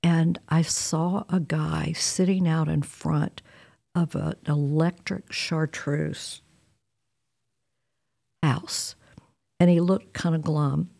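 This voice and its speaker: A woman's voice: sits low, slow pace, creaky, long pauses. A woman, telling a personal story in a candid, wry way. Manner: candid, wry, animated retelling with quoted dialogue.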